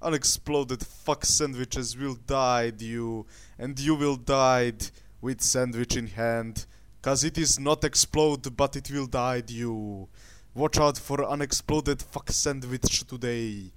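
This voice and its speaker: A man voicing a crude ranter with a put-on Russian accent and deliberately broken English. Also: medium pitch, steady tone, clean tone, dry recording, natural voice. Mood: ranting.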